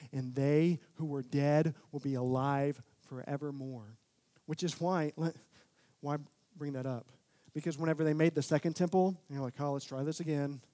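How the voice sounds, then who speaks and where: A young man preaching a sermon, talking casually, then building to loud, emphatic peaks. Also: on the high side. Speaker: pastor.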